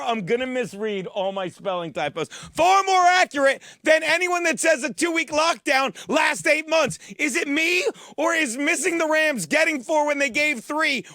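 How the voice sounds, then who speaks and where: A man hosting a comic football picks show in a studio, foul-mouthed and mock-boastful, now and then bursting into shouts. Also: very high voice, no room sound. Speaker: host of a sports-betting picks show. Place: studio with a teleprompter.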